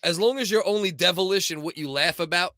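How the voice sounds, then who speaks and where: A man's voice: sits high, quick pace, pushed and bright, dry recording, clean studio sound. A man from Staten Island with a New York accent, co-hosting a podcast in crude, rambling, laugh-filled banter. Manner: rambling, laughs often, swears a lot. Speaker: podcast co-host.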